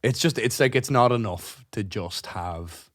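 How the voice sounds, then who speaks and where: A man, co-hosting a podcast in casual chat. He tells stories in an animated way, swears freely and laughs through them. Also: lowish voice, measured pace, no room sound, studio quality. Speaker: podcast co-host.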